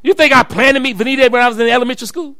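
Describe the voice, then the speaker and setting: A middle-aged pastor preaching to his church. His voice is high and sharply bright. He tells stories, then climbs into loud, shouted preaching, and the sound is dry and close. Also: rapid-fire, dry recording. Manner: storytelling, rising to shouted preaching. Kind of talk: sermon.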